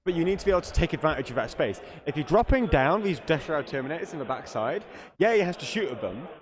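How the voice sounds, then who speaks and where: Fast-talking analytical male commentator. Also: fairly high pitch, sing-song, crowd noise. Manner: analytical, walks through point totals. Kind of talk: tabletop wargame commentary.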